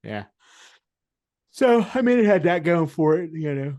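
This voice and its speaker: A man co-hosting a podcast in casual chat, halting and critical, often laughing. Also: fairly high pitch, expressive, darkish tone. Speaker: podcast co-host. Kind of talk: casual film-discussion chat.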